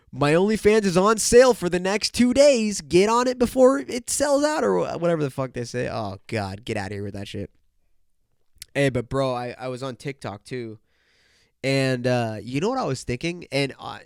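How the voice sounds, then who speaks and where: This young man is the host of a solo podcast, chatting casually into a podcast microphone while rambling, joking, and swearing plenty. He sounds congested and nasal, with a medium-pitched, clean voice and studio-quality audio without echo.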